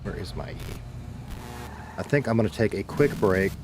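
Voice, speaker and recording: A man's voice: low-pitched, lively intonation, moderate pace, noisy background. A laid-back man with a Southern American accent, rambling casually to his stream chat, swearing now and then. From Southern United States. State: dehydrated.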